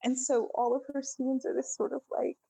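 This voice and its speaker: A woman chatting casually as a podcast co-host, recapping a movie scene by scene in a lively, filler-filled way. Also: high voice, normal speed, vocal fry, breathy edge, no echo, rough recording. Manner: chatty, animated, lots of fillers.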